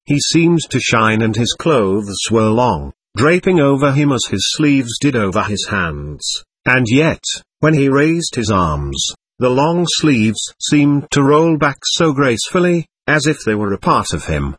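A man narrates a memoir in the first person, husky and soft-edged. His delivery is gentle and measured, with a lively lilt in pitch. The sound is close and dry, with no room around it. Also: no echo. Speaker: audiobook narrator.

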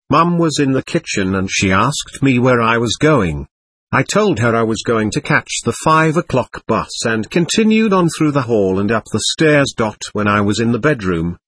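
Husky male audiobook narrator, calm memoir reading, close dry sound. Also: mid-range voice, no echo. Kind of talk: first-person memoir narration.

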